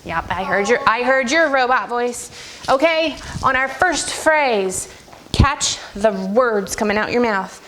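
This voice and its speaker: A woman music teacher leading a first-grade class, firm and clear, sometimes breaking into a sung or high voice to show a rhythm. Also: expressive, slow pace, fairly bright tone, slight background noise.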